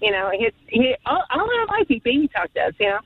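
A woman's voice: high-pitched, sing-song, fairly quick, breathy edge, no room sound. Woman caller, tinny phone-line sound, emotional, rambling, fond memories. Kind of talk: call-in radio chat.

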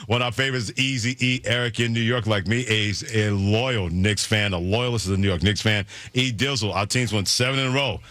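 A jovial man hosts a call-in sports radio show, introducing callers in a bright, lively voice. His voice sounds close and dry, with no room sound around it. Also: fairly low pitch, fairly quick, few pauses, no room sound. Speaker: radio host.

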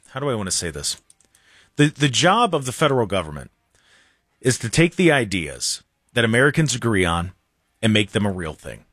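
A male talk radio host in a studio, giving opinions in an animated, sarcastic way. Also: a little high, husky, no echo. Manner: animated, sarcastic, mocks others in silly voices. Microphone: studio microphone.

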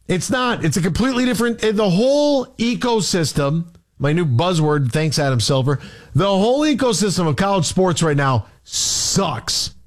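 Man, sports radio host, worked-up rant, high voice, very lively pitch. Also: moderate pace. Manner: worked-up, ranting, rhetorical questions.

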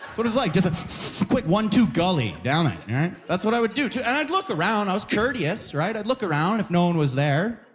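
A man's voice: high voice, sing-song, a little fast. A young man from Alberta doing a stand-up comedy set on a club stage, talking loosely with many quoted voices and constant "you know". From Alberta, Canada. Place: comedy club stage before a live crowd.

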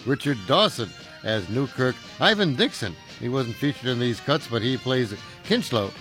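A man's voice: mid-range voice, expressive, moderate pace, fairly bright tone, faint music behind. A man hosting a radio show, talking casually with many fillers. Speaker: radio host.

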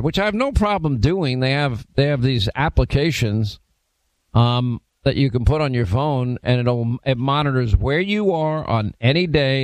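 A man hosting a talk radio show, telling stories and acting out quotes in an animated way. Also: mid-range voice, no room sound. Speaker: radio host. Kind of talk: casual talk show banter.

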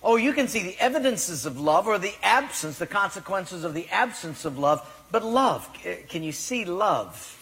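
A man preaching a sermon as pastor, emphatic, pressing up on key words and then dropping to a near hush. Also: high voice, very animated, normal speed, few pauses. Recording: long reverb of a large hall.

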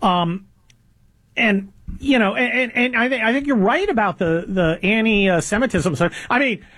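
A high-voiced man in his fifties hosts a political talk, sardonic and rambling, filling his sentences with stammers and fillers. His voice sounds close and dry, with no room echo. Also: moderate pace, a bit bright. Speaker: podcast host. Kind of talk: opinionated conversational commentary.

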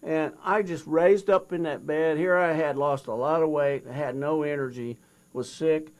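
A man's voice: fairly high pitch, a little slow. Older man telling his story with feeling. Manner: animated retelling, acts out both sides of a dialogue. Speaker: guest. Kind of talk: storytelling interview.

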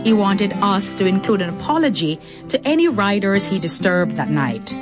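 A woman reading a scripted outro narration for a storytelling show, measured and warm. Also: medium pitch, very animated. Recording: loud guitar music under the voice.

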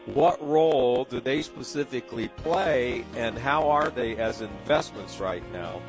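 A middle-aged man with a Southern Californian accent talks over a business segment on the radio. His voice is gravelly and creaky, and he rambles with many fillers and restarts. Faint music plays behind him. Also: medium pitch, unhurried, poor audio. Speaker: talk radio host. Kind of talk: casual radio commentary.

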